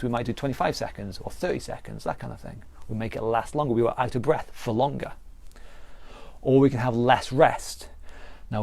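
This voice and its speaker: A man's voice: medium pitch, a little mellow, dry recording. Earnest British male fitness instructor. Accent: British English. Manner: earnest, repetitive explaining with restarts. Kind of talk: live online exercise class talk.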